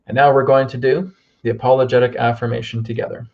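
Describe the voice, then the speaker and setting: Man, gravelly voice, leads a guided healing meditation over muffled lo-fi audio, calm check-ins. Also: mid-range voice. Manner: slow, soothing instructions with frequent "okay?". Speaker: healer leading a group healing.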